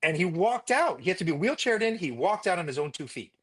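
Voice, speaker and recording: A man, a physician, telling stories in a conversational interview in an emphatic, animated way. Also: high voice, brisk, slightly rough. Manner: emphatic, animated retelling with repetition.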